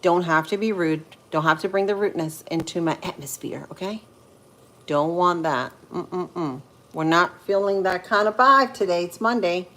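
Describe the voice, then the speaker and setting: A woman in her thirties from Central Florida, chatting casually with viewers on a livestream while she cooks, with pauses and fillers as she thinks aloud. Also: lowish voice, bright, forceful tone. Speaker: livestream host. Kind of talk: casual live-stream chat while cooking.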